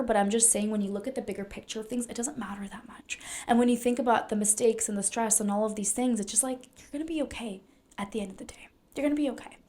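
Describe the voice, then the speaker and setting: A young woman with a mid-range voice, a naturopathic doctor and wellness coach, talks casually to camera with earnest, chatty motivational advice. Her speech is full of "like" fillers, and she sometimes drops into a soft whisper.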